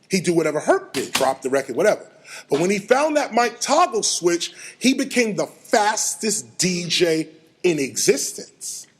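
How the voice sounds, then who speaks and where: A middle-aged man giving an animated storytelling lecture, acting out sounds and quotes. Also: high-pitched, slight background noise. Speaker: hip hop lecturer.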